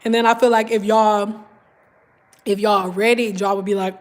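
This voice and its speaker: A woman's voice: mid-range voice, little pitch movement, moderate pace. A woman, chatting casually on a livestream and often saying "girl" and "y'all". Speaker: livestream host.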